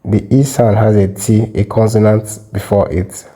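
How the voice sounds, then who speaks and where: Male language teacher, dark mellow tone, patient step-by-step explainer. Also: on the low side, little pitch movement, rough recording. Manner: methodical, repeats example words slowly. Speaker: French teacher. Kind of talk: explanatory lesson.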